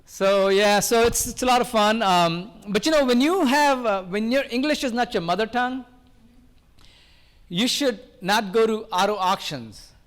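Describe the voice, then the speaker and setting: An older man from India doing a loud, fast-talking live stand-up routine, joking with the crowd at a variety show. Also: sits high. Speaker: stand-up comedian.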